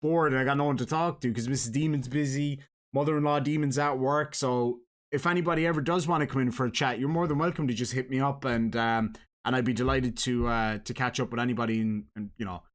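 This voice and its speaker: A man's voice: mid-range voice, steady tone, fast talker. Chatty Irish man hosting a live stream. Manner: chatty, teasing, joking with guest and chat. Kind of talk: casual live-stream chat.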